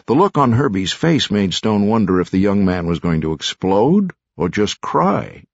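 A man narrating an audiobook in a measured, unhurried way. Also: fairly low pitch, big pitch swings, creaky, no room sound. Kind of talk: scripted narration. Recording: dull, muffled dry studio sound.

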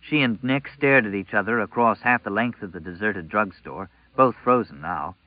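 A man narrating a novel as an audiobook, in a measured, even storytelling manner. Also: on the low side, dry recording, muffled recording.

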